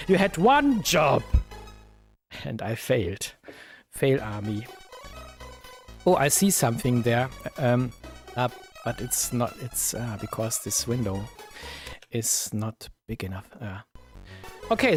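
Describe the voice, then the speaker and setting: A man with a German accent, chatting slowly while he plays old computer games on a live stream, full of fillers and sudden cries at the game. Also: mid-range voice. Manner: slow, thinking aloud with many fillers, bursts of exclaiming at the game. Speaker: retro gaming streamer. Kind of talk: casual live-stream commentary.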